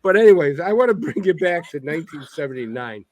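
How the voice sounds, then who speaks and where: A man's voice: a little high, very animated, fairly quick, a crowd in the background. A male radio host interviewing a guest, joking and rambling before asking his question.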